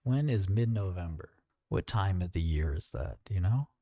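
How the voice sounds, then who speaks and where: A man's voice: sits low, expressive, moderate pace, creaky, dark tone. A man hosting a casual trading livestream, rambling and joking as he thinks aloud and talks to his chat. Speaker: livestream host.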